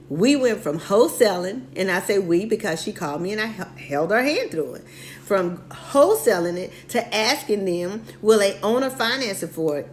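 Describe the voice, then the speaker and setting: A woman's voice: on the high side, slight background noise. A woman talking as a real estate mentor in a motivational live-stream chat. She tells stories with energy, acts out both sides of conversations and hammers home her point through repetition. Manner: animated storytelling, repeats key points.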